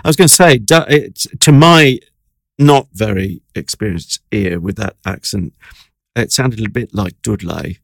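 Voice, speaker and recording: A man's voice: fairly low pitch, expressive, measured pace, vocal fry, dry recording. A man co-hosting a review podcast, wry and rambling with playful asides. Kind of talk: casual review chat.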